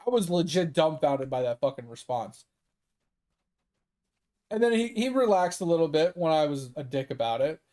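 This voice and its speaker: A man's voice: a little high, sing-song, normal speed, pauses often, a little mellow. A man streaming a game and telling a story in casual, profane chat, laughing often. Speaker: gaming streamer. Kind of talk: casual storytelling while gaming.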